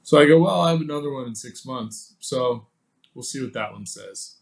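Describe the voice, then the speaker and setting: A man guesting on a podcast, telling a personal story in a casual, animated way and acting out the quoted dialogue. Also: mid-range voice, normal speed, gravelly, low-quality recording. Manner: casual, many fillers like "like" and "you know".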